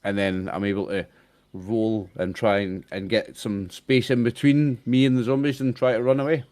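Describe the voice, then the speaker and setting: A man describing his character's moves as a player in a tabletop game, in animated, playful talk. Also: on the low side, moderate pace.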